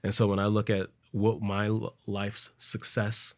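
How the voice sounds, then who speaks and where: A man's voice: monotone, measured pace. A man, a podcast guest telling a personal story in an earnest, casual way. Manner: earnest, acts out quoted voices, low and soft at emotional points. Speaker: podcast guest, business coach.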